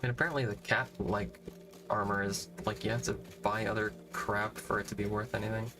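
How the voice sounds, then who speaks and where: A man's voice: lowish voice, flat delivery, a little fast. A man casually commenting as he plays a video game, musing aloud in an offhand, rambling way. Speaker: gamer playing through a video game. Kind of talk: casual let's-play commentary.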